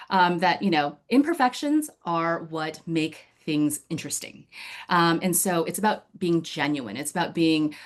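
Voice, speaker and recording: A woman giving a personal storytelling speech to her speaking club over a video call, chatty and full of fillers, often laughing. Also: fairly low pitch.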